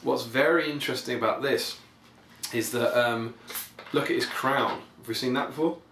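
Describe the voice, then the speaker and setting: A man's voice: medium pitch, moderate pace, a bit bright. A man hosting a podcast, giving casual, rambling and enthusiastic commentary full of ums. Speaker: podcast host. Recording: echoey room, faint background noise.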